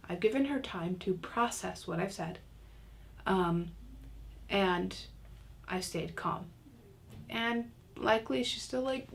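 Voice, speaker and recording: Gravelly-voiced woman teaching parents. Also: mid-range voice, slow pace, long pauses, a little hiss or hum. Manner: casual, chatty, self-mocking humor. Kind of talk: recorded online lesson.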